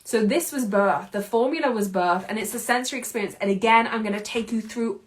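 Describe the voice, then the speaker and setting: Energetic woman, bright higher voice. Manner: energetic and emphatic, quick bursts of speech; casual, with mild swearing and laughs. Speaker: podcast host and anxiety coach. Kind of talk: motivational monologue.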